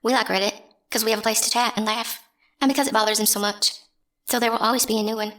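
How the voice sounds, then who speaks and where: Young woman, vlog host, rambling and scornful, slightly high voice. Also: flat delivery, fast, fairly bright tone. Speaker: channel host. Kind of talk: casual vlog rant.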